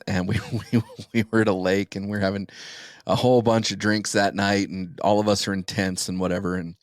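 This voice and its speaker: A man's voice: sits low, dry recording, studio quality. A man co-hosting a podcast, telling frank, easygoing stories in casual chat. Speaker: podcast co-host.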